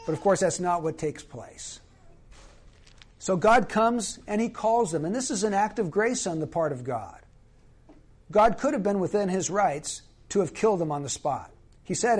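High-voiced man preaching earnestly. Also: lively intonation, a little mellow, husky. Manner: earnest, emphatic preaching with slow, stressed phrases. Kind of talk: sermon.

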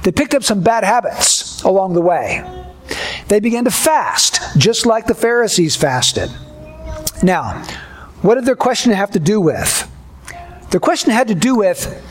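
High-voiced man preaching a measured sermon. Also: very animated. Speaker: pastor.

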